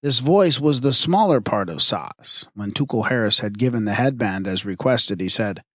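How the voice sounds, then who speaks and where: A man narrating an audiobook of myths in a measured, even reading. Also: medium pitch, dry recording, studio quality. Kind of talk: scripted narration.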